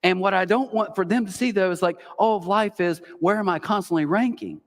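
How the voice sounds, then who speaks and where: A man's voice: high voice, fairly quick, vocal fry. A middle-aged man preaching as pastor, talking in a loose, conversational storytelling way, full of restarts and asides. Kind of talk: sermon. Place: church auditorium. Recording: church hall with long reverb.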